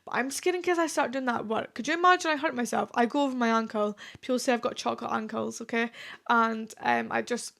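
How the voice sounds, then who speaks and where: A woman's voice: fairly high pitch, fairly even intonation, fast talker, gravelly, a bit bright. A young woman in her twenties hosting a solo podcast, talking in a chatty, confessional way with lots of fillers. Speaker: podcast host. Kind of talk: casual solo podcast chat.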